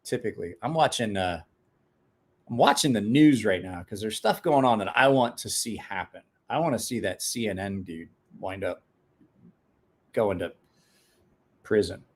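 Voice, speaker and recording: A man's voice: lowish voice, expressive, moderate pace, long pauses, breathy edge. A man chatting casually on a live stream, rambling, restarting words, and talking to his dog in between.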